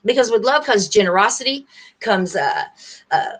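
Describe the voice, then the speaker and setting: A woman hosting a livestream, rambling warmly and earnestly straight to her viewers in casual chat. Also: mid-range voice, big pitch swings, moderate pace. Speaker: livestream host.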